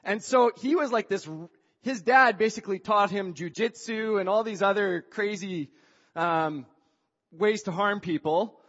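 Man, high voice, chatty animated storyteller, acts out dialogue, long hall reverb. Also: a little slow, dull audio. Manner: chatty, acts out quoted dialogue, frequent "like" fillers. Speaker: speaker telling a personal story. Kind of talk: animated personal storytelling with a moral.

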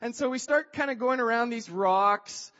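Male storyteller, high-pitched, lively and conversational, dull lo-fi recording. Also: moderate pace, in a large hall. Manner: chatty, acts out quoted dialogue, frequent "like" fillers. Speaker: speaker telling a personal story. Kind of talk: animated personal storytelling with a moral.

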